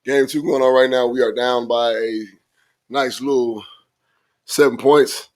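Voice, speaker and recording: A man co-hosting a casual sports podcast, his voice hoarse and raspy from shouting, talking laid-back and filling gaps with "you know what I'm saying". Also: mid-range voice, steady tone, measured pace. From Phoenix area. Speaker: podcast co-host.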